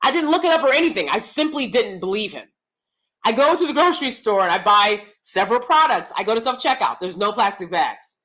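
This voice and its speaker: A woman's voice: medium pitch, animated, a little fast, fairly bright tone. A woman telling a personal story in a casual, ranting monologue, acting out both sides of the exchange and repeating herself as she gets exasperated. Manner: exasperated, repeats words and restarts.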